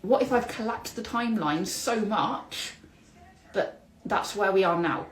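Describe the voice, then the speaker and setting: A woman hosting a solo podcast, telling a story in an animated, exclamatory way with spiritual vocabulary. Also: mid-range voice, measured pace, reverberant, rough recording. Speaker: podcast host.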